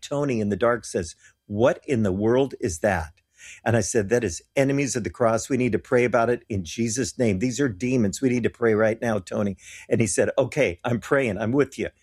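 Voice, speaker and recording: A lowish, darkish-toned male voice belongs to a guest telling stories of his mission trips. He shares them earnestly and with animation, putting on the voices of the people he quotes.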